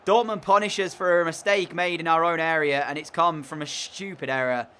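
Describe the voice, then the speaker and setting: A man's voice: a little high, steady tone, moderate pace, bright, forceful tone, clean tone. A man giving casual commentary over his own football video game, frustrated and groaning at mistakes. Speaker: gaming commentator.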